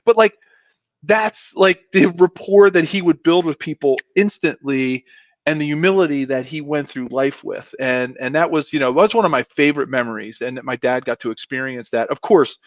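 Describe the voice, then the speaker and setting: A middle-aged man, a former pro football player, telling stories in a casual, animated way and putting on voices for quotes. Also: on the high side, normal speed, no echo, muffled recording. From Pennsylvania. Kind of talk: casual storytelling.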